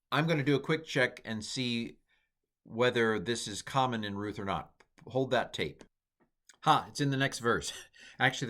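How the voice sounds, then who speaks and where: A man's voice: lowish voice, fairly bright tone. A middle-aged man giving a casual, chatty Bible Hebrew lesson, with playful asides and small jokes. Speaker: teacher.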